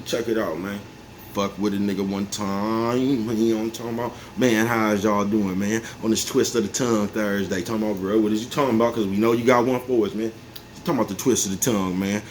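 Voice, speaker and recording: Low-voiced guy in his 40s rambling to the camera, laid-back, lots of chuckles, bit of hiss in the background. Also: a little fast. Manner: laid-back, repeats "you know what I'm talking about", chuckles often. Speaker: vlogger. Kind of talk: casual ranting monologue. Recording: faint background noise.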